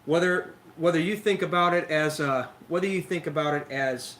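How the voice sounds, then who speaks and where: A young man hosting a casual lawn care livestream, chatty and energetic, a little out of breath, talking into a phone. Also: a little high, moderate pace, slight background noise, rough recording. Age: young adult. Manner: chatty, energetic, filler-heavy. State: slightly out of breath. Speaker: lawn care show host. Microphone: phone camera.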